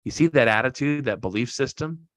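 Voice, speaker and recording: Motivational speaker, male: bright, forceful voice, dry close sound, punchy and emphatic. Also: medium pitch, fairly quick, no echo. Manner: emphatic, repeats key phrases, jokes with listeners. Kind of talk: motivational talk to an online group.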